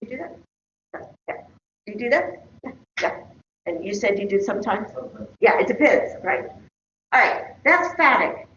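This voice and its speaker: A woman's voice: medium pitch, big pitch swings, measured pace, pauses often, bright, forceful tone, slight background noise. An older woman lecturing a college class in a conversational way, checking in with her students. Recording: roomy, dull lecture-hall recording.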